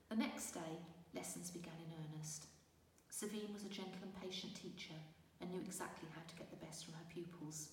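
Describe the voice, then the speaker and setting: A woman narrating a fantasy storybook in a measured, gentle reading. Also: fairly low pitch, steady tone, a little hiss or hum. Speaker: audiobook narrator. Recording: roomy distant reverberant recording with faint ambience.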